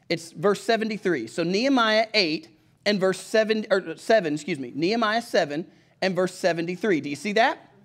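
A fairly high, fairly bright voice belongs to this middle-aged pastor with a Southern country accent, preaching a sermon in a folksy, conversational manner. He regularly calls on his congregation to follow along in their Bibles.

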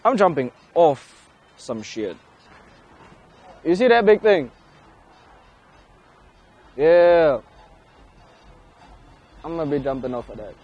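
A man's voice: on the high side, big pitch swings, takes it slowly, long pauses, a little mellow, breathy edge, highs cut off. A young man hosting his vlog, joking and swearing nervously outdoors before a bungee jump. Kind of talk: casual vlog chat. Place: outdoors on a high platform in a city.

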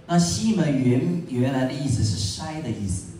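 A man's voice: medium pitch, animated, a little fast, warm tone, distant mic, slight background noise. A man interpreting a sermon phrase by phrase, earnestly echoing the preacher's emphasis. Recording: echoey church hall, picked up from afar.

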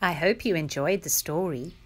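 A woman reading a picture-book story aloud to young children, with a lively, expressive delivery. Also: low-pitched, moderate pace, husky.

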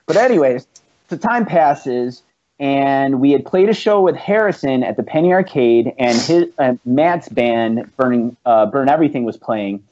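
Profane rambling storyteller, muffled lo-fi recording. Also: male voice, medium pitch, lively intonation, normal speed, warm tone. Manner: profane, rambling anecdotes with laughs. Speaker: band founder and musician, guest. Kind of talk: casual storytelling chat.

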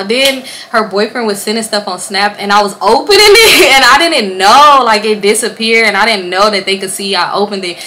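A young woman chats straight to her camera at home, spinning a storytime in a casual, animated way. Her voice is bright and a little forceful, and she swears freely and acts out what everyone said. Faint background noise sits under her voice. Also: medium pitch. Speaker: vlogger. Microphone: camera or phone on a stand.

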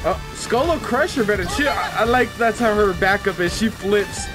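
A man giving casual commentary on a fighting game as a let's player, excitable, swearing and laughing often. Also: high-pitched, moderate pace. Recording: loud game music behind voice.

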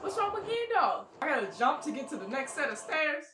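A woman reacting to a movie for the first time, excitable and slangy, gasping and laughing at what she sees. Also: high-pitched, fairly quick, far from the mic, over music. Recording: echoey room, set back from the mic.

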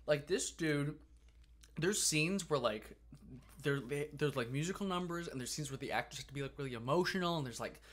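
A young man co-hosting a casual podcast, telling a story with animated, profane energy. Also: on the high side, brisk. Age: young adult. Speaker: podcast co-host.

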